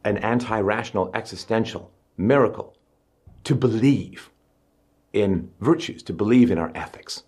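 A middle-aged man giving an emphatic public speech, pushing his pitch up on stressed words. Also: moderate pace, a little mellow, slightly rough. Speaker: speaker.

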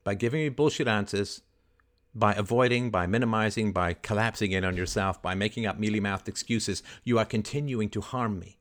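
A man hosting a call-in advice show, scripting a confrontation in forceful, indignant tones with rapid rhetorical questions and swearing. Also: on the low side. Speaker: host.

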